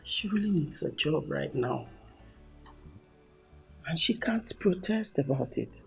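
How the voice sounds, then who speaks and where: A woman's voice: deep voice, lively intonation, slow pace, creaky, faint music behind, full character voice. A deferential queen. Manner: deferential, earnest. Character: middle-aged queen, respectful devoted wife. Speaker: queen and mother. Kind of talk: film acting.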